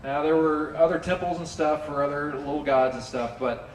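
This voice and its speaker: A man preaching a sermon to a congregation in a relaxed, conversational way, often asking listeners to join in. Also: on the high side, moderate pace, background noise. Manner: conversational, animated, drops in playful character asides. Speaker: pastor. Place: church sanctuary with a congregation. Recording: roomy hall, distant mic, faint ambience.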